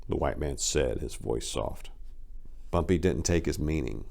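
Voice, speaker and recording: A man with a deep, low voice who hosts his own channel. He reads a crime story aloud in an expressive, theatrical way. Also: a little slow, creaky. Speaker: writer and channel host. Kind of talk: dramatic story reading.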